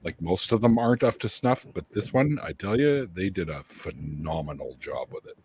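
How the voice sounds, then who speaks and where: A man co-hosting a casual group chat on a video call, rambling and trailing off into quiet. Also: deep voice, expressive, moderate pace, slight background noise. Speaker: co-host.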